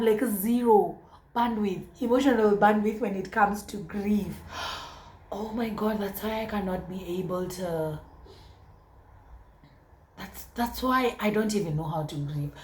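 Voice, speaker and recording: A woman's voice: mid-range voice, measured pace, a little mellow, reverberant, poor audio. A woman with a Kenyan accent talking through a casual vlog, chatty and exclamatory, slipping between English and Swahili. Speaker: vlogger.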